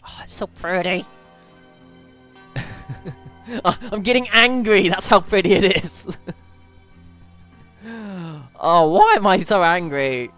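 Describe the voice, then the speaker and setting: A woman's voice: on the low side, slow, long pauses, faint music behind. A woman commentating over gameplay in a chatty, playful way, often breaking into panicked squeals. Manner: excitable, squeals and panics during play; chatty, playful self-mockery. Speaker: let's play gamer.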